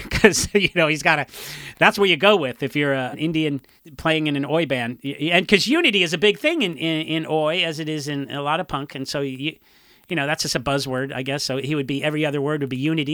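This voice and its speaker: A man from Orange County, a punk musician, telling rambling, animated stories in a casual interview and acting out what others said. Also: a little high, a little fast, no echo, clean studio sound. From Orange County, California. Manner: rambling, animated storytelling with acted-out quotes.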